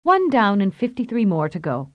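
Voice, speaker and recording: A man's voice: high-pitched, wildly swooping pitch, moderate pace, lo-fi sound. A woman reading an audiobook voices a cheerful, teasing male telepath with an easygoing manner. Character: cheerful wry male telepath, mentor type. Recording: roomy echo.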